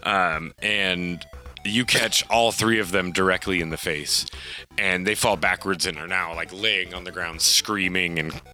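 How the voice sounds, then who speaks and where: A man's voice: sits low, unhurried, sharp tone, faint music behind. A man narrating a tabletop game as game master, loosely, with frequent fillers and laughs.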